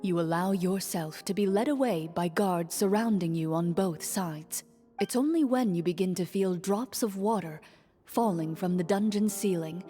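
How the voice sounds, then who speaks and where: A woman voicing a composed female game master who narrates a court scene in a game, in a measured, formal way. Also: fairly low pitch, mellow, lightly acted. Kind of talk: scripted narration.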